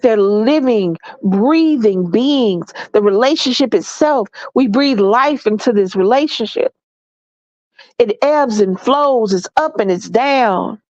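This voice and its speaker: A woman's voice: on the high side, expressive, slow pace, a little mellow, no echo, highs cut off. Congested woman giving relationship advice. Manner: folksy, preachy, addresses listeners as y'all and baby.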